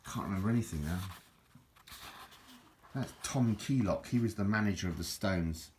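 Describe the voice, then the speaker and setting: Chatty, rambling bloke with a low voice. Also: male voice, normal speed, noisy background. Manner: rambling, chatty, self-deprecating, many restarts and fillers. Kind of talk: casual rambling book show-and-tell.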